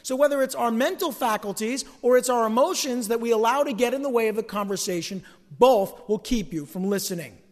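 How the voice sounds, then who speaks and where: A man preaching a sermon as a pastor who grew up in the American Northeast. He acts out quoted arguments and swings from loud bursts to hushed asides. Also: very high-pitched, brisk. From Northeast US, Italian-American home. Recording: long hall reverb.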